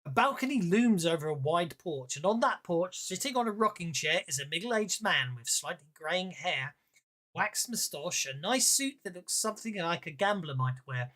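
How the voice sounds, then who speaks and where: A man narrating a tabletop game as game master, chatty and halting, with many fillers. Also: sits high, animated, sharp tone.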